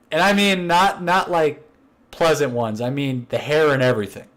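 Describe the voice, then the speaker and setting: A man co-hosting a casual podcast, telling a prank story and acting out the dialogue with lively voice changes. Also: measured pace. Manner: animated, acts out quoted dialogue with shifting pitch. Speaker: podcast co-host.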